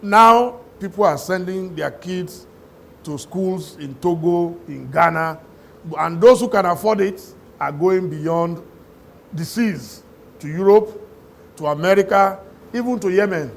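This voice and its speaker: A middle-aged Nigerian man with a Nigerian accent appears as a talk show guest, telling stories in an animated way and laughing often throughout. His voice sits high and sounds creaky, and he speaks unhurriedly.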